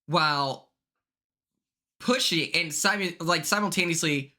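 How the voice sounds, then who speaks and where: Bright-voiced sassy young man streaming. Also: fairly high pitch, lively intonation. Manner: blunt and sassy, swears often, quick to apologize. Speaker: livestream host. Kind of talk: casual livestream chat.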